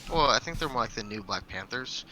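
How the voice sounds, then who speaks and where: Bright-voiced laid-back podcast man. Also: medium pitch, lively intonation, fairly quick, slight background noise. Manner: rambling, laid-back storyteller. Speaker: podcast co-host. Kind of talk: casual chat.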